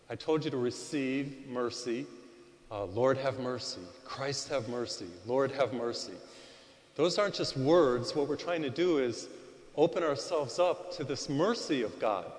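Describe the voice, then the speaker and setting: Male priest, sermon to a congregation, loud mic, long church reverb, mid-pitched voice. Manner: talks straight to the congregation and asks them to repeat phrases; tells stories with lively, rising emphasis. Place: large church before a congregation. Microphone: loud microphone.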